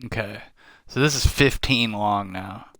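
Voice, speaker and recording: Slow, tired man streaming a game late at night. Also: fairly low pitch, bright, forceful tone, no room sound, clean studio sound. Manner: slow, rambling, thinking aloud with many fillers. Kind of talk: casual live-stream commentary.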